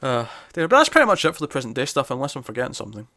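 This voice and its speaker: A man's voice: medium pitch, huge pitch swings, rapid-fire, bright, forceful tone, no room sound, studio quality. A man co-hosting a podcast, reviewing a TV episode in casual chat, rambling with many fillers and restarts.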